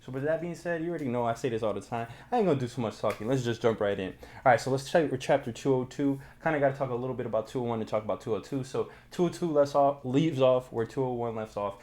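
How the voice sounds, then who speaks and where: A young man hosting a casual manga review channel, talking in energetic slang with lots of fillers. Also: mid-range voice, fast talker, few pauses. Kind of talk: casual chat, recapping a manga.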